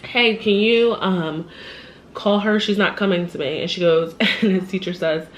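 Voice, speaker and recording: A woman telling a personal story in a casual vlog, animated and upset, laughing and quoting the people in it, a little shaky. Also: mid-range voice, moderate pace, slight background noise. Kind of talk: casual storytime while eating.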